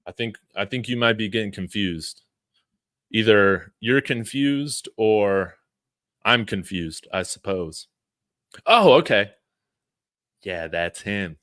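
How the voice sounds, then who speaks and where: A man's voice: on the low side, slow, long pauses, no room sound, studio quality. A man hosting a live sports stream, chatting casually, reading viewer messages and rambling with fillers. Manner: relaxed, rambling, frequent fillers and chuckles. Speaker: sports channel host.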